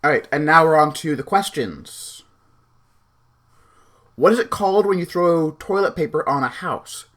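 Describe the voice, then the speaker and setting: A man's voice: on the high side, lively intonation, normal speed, long pauses, a bit bright. Chatty man with a Pacific Northwest accent. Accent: Pacific Northwest American. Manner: chatty, rambling with fillers. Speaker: vlogger. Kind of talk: casual vlog reading a word list.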